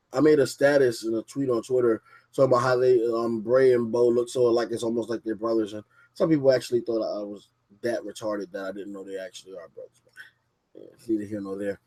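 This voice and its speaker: A young man hosting a casual podcast from his basement, rambling and cursing freely as he reviews wrestling and mocks a viewer who left. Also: medium pitch. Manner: profane, rambling, mocking. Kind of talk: casual livestream podcast rant. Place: home basement.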